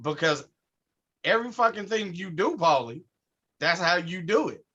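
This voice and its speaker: A man's voice: high-pitched, lively intonation, normal speed, sharp tone, slightly rough. A man hosting a casual podcast chat, talking expressively and swearing casually. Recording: dull lo-fi sound.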